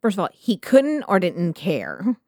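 A woman's voice: on the low side, wildly swooping pitch, a little slow, creaky, dark tone, no room sound, clean studio sound. Blunt sarcastic woman co-host. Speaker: podcast co-host. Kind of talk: casual banter.

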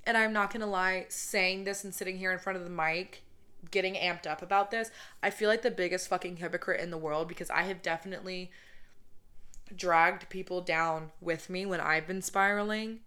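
A woman in her twenties with a somewhat deep voice for a woman, hosting a casual podcast. She rants bluntly and swears freely. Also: a little fast, sharp tone. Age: 20s. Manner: profane, blunt, ranting. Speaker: podcast host.

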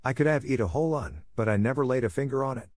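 A man voicing a poor, hungry young servant girl who sobs and talks in rough dialect, in an audiobook. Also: mid-range voice, animated, fast talker, a little mellow, no echo, clean studio sound, voice pushed up, natural voice. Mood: sobbing. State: sobbing.

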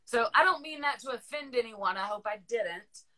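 Bright Southern-accented woman host. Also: fairly high pitch, lively intonation, moderate pace. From Northern Virginia, USA. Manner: chatty, rambling, laughs often. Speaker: podcast host. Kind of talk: casual chat.

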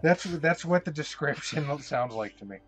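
A man narrating as storyteller of a tabletop game, self-deprecating and hesitant, often pausing on fillers. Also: a little high, expressive, a bit bright.

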